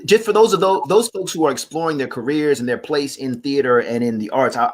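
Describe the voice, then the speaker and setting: A man, a guest on a live talk show, telling stories about acting and family with big swings in pitch. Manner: animated, preacherly storytelling with wide swings in pitch. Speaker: guest, actor and playwright.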